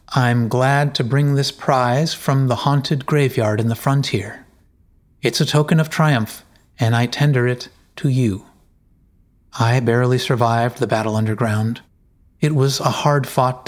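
A steadfast young shieldmaiden speaks in an earnest, formal way, slow and measured, as a man reading the story lends her his voice. Her pitch sits in the middle. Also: lightly acted. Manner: earnest, formal report of battle. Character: brave young woman warrior, steadfast.

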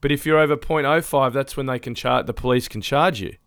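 A man's voice: medium pitch, fairly quick, a bit bright, smooth, no room sound, clean studio sound. A man co-hosting a podcast in casual chat, ranting and swearing freely, often laughing mid-sentence. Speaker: podcast co-host.

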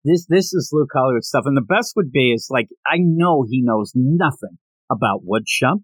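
A man's voice: mid-range voice, lively intonation, moderate pace, slightly rough, dry recording, low-quality recording. A man hosting a casual podcast, rambling and joking with frequent restarts. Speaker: podcast host.

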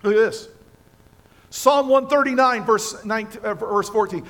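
A man's voice: high voice, moderate pace, fairly bright tone. A man preaching a sermon as pastor in a church, emphatic and passionate, repeating phrases for stress. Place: church sanctuary with congregation.

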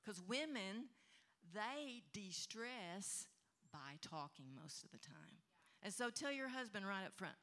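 A woman pastor giving marriage advice on a panel, animated, acting out husbands and wives in quick quoted lines. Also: medium pitch. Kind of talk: animated teaching talk.

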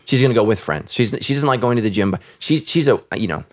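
A man's voice: mid-range voice, animated, quick pace. A man who is a pastor and podcast host, talking earnestly, often repeating words and restarting. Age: adult with children. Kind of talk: casual podcast conversation.

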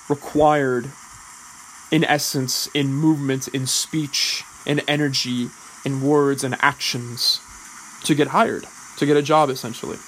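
A man who is an actor, explaining drama school training in a deliberate, measured way, often restarting words. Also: mid-range voice, slight background noise, poor audio. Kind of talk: explanatory talk.

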